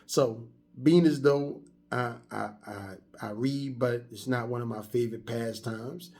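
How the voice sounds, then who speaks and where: A man's voice: medium pitch, steady tone, unhurried, darkish tone. A man in his fifties giving a casual motivational monologue, telling stories in a conversational way with frequent restarts. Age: 50s. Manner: conversational storytelling, repetitive restarts. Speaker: vlogger.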